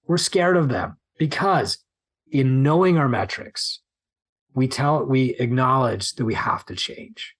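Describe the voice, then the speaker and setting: A man's voice: mid-range voice, expressive, measured pace. A man hosting a business podcast, talking animatedly and acting out worried inner monologues. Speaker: podcast host and gym business coach. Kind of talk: solo business podcast talk.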